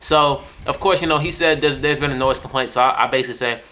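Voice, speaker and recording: A young man casually telling a story to his viewers, profane and animated, often repeating and restarting words. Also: mid-range voice, fast, hardly any pauses. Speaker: vlogger.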